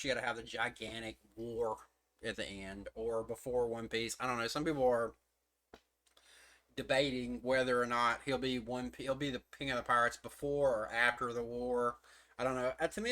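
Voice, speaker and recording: Man, bright tone, casual streamed commentary, profane, rambling, filler-heavy, recorded in his room. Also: medium pitch, steady tone, fairly quick. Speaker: manga chapter reviewer.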